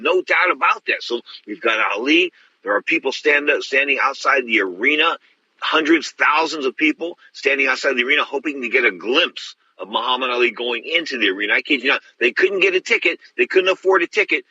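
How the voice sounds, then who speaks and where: A man's voice: medium pitch, bright, forceful tone, highs cut off, slight background noise. A middle-aged man hosting a boxing radio show, telling a story with emphasis and calling his listeners folks. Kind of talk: animated radio talk.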